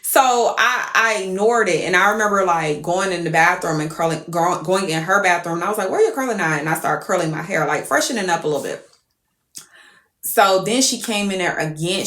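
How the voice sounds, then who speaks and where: A woman telling a story to viewers on a live stream, animated and profane. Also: fairly low pitch, reverberant.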